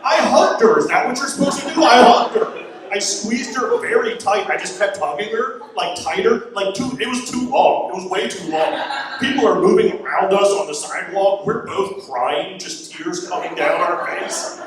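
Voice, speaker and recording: A Florida man in his forties does a stand-up set on stage, chatty and self-mocking, drifting into rambling asides. His voice sits high and expressive at a normal speed. The roomy venue sound is captured from a distance, with audience laughter and a crowd behind him.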